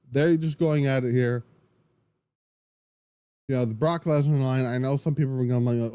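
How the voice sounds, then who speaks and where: A man hosting a wrestling podcast, recapping the show in an excitable, rambling way, full of restarts and swearing. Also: medium pitch, moderate pace, long pauses, clean tone, no room sound. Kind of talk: casual solo recap.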